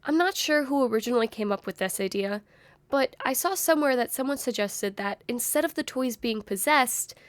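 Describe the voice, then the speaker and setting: A woman's voice: fairly high pitch, expressive, a little fast, no echo. A young woman with a strained, worn voice talking through fan theories in a thoughtful, speculative video essay. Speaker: YouTuber.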